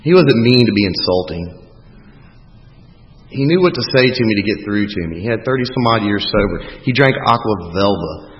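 A man's voice: fairly low pitch, expressive, normal speed, slight background noise. Blunt man sharing in an echoey hall. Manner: blunt, candid, profane. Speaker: recovering alcoholic speaker. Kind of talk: personal recovery talk. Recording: echoey hall, dull lo-fi sound.

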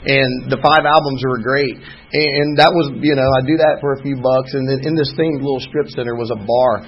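A man's voice: mid-range voice, steady tone, moderate pace, slightly rough, highs cut off. A middle-aged man, sharing his personal story from the podium of a recovery meeting with wry, folksy humor. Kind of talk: personal testimony talk. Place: meeting hall, speaking from a podium.

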